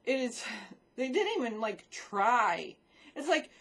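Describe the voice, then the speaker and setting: A woman's voice: on the high side, very animated, slow, a bit bright. A woman vlogging in a casual, rambling chat about films and shows she watched, swearing freely as she talks into a desk microphone.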